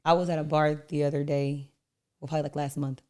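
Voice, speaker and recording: A woman sits in as a podcast guest and speaks with a somewhat low voice. She tells her stories with animation, acting out other people's lines and laughing easily. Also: fast. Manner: animated storyteller, acts out voices in anecdotes; laughs easily, playful self-praise. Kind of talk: candid conversation.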